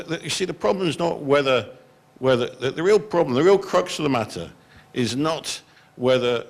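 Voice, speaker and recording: A man's voice: medium pitch, vocal fry. A middle-aged man, answering as a panelist in a conference hall in a blunt, exasperated, frank way. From England.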